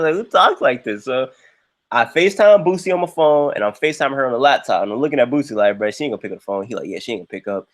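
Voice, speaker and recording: Animated young man telling a story. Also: rapid-fire. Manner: animated, jumps into high quoted voices. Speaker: livestream host. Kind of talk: casual storytelling.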